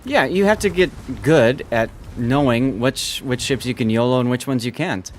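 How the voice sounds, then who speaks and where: A man's voice: mid-range voice, normal speed, a little hiss or hum. A man streaming a naval warship game, casually chatting with his viewers and answering their messages between callouts about torpedoes and ranges. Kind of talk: casual live-stream chat while gaming.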